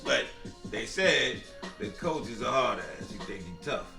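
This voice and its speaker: A man co-hosting a casual chat show, joking and animated, swearing freely. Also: medium pitch, a little slow, creaky, roomy sound, distant mic, over music.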